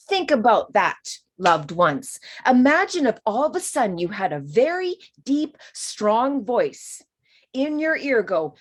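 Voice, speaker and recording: Woman, spiritual course teacher, chatty, expressive, acts out voices, slightly high voice. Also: measured pace.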